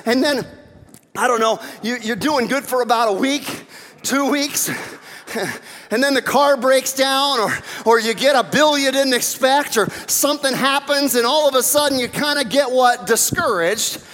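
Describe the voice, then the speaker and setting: High-voiced pastor preaching in a reverberant hall. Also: male voice. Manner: conversational, animated, rhetorical questions. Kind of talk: sermon.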